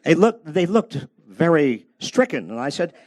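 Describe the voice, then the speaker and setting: A man's voice: on the high side, big pitch swings, a little slow, darkish tone, dry recording. An older man giving a humorous, anecdote-filled talk about his book at a public library, storytelling with a self-deprecating edge. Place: public library event space.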